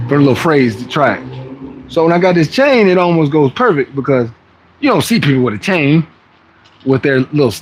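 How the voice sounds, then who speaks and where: A man's voice: medium pitch, breathy edge. A man hosting a fitness livestream, chatting casually with viewers in loose, slangy talk that rambles and restarts. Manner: rambling and chatty, often acting out other people's voices. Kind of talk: casual live-stream chat to viewers.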